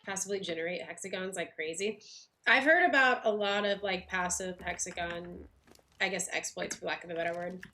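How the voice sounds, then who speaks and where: A woman's voice: on the low side, brisk, bright, forceful tone, slight background noise. A woman chatting casually on a game livestream, talking with lots of fillers and little laughs while she eats and plays. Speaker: game streamer.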